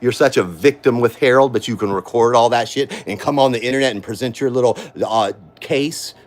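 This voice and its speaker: A man with a drawl rants into his phone from home, his voice sore and worn from an hour of screaming. He is confrontational and accusing, hammering the same name again and again. His pitch sits at an ordinary middle height. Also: a little fast. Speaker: livestream host. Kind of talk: angry livestream rant. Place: at home, indoors.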